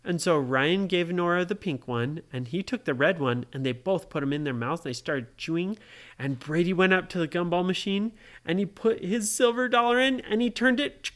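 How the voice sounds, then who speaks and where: A parent telling a made-up story to a child, pausing to ask the child questions. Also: mid-range voice. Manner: slow, asks the listening child questions. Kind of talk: bedtime story told to a child.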